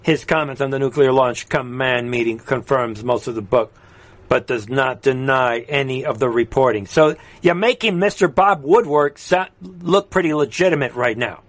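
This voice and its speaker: A man's voice: normal speed, no echo. Ranting male political streamer, dry sound. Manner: ranting, taunting, with sudden loud jumps in pitch. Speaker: host of a political live stream. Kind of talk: heated political commentary.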